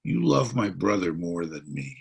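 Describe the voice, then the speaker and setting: A man's voice: low voice, very animated, moderate pace, creaky, breathy edge, full character voice. A man voicing a whiny little boy who complains that he gets no credit. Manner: whining, self-pitying.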